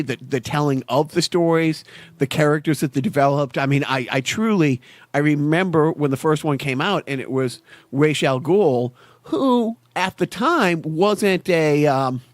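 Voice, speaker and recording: A man's voice: fairly high pitch, dry recording. A man co-hosting a podcast in casual chat, rambling and enthusiastic as he retells movie scenes. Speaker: podcast co-host.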